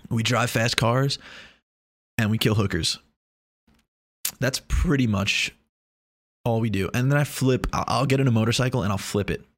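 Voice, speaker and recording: A man's voice: mid-range voice, normal speed, pauses often, dry recording, clean studio sound. A young man talking in a casual, rambling monologue, joking and swearing freely.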